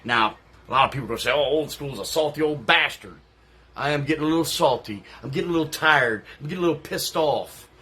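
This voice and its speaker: A man playing a salty, husky veteran wrestler. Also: fairly high pitch, fast, bright, forceful tone. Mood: scornful. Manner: brash, profane, taunting. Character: salty veteran male wrestler, brash and contemptuous. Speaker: promo wrestler persona. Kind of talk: wrestling trash-talk promo.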